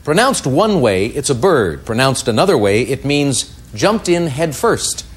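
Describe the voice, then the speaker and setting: A man hosting a quiz show, reading out clues crisply and giving brief verdicts. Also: medium pitch, sing-song, a little slow.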